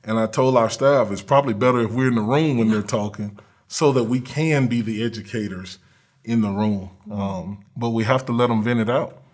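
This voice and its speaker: A man's voice: mid-range voice, normal speed, a little mellow. A man who coaches college football, talking earnestly and plainly in an interview, with frequent ums and uhs. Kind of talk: conversational interview.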